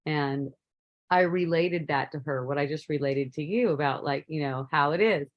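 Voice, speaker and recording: A woman casually telling a personal story, relaxed and rambling, laughing often. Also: deep voice, normal speed, dull audio. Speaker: spiritual teacher.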